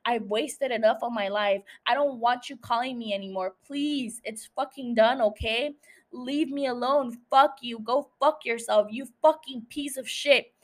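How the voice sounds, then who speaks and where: A raging middle-aged wife, acted out by a woman, screaming and swearing at her husband in a raised, higher voice. She spits out every line with heavy profanity. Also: a little slow, lightly acted. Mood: furious. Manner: swearing, shouting.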